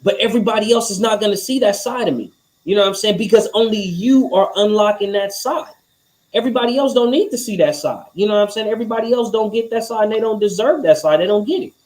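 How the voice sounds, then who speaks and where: A man's voice: high-pitched, fast talker, darkish tone, rough recording. A man co-hosting a relationship podcast, talking in a loose, rambling way and often saying "you know what I'm saying.". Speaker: podcast co-host. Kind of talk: casual chat.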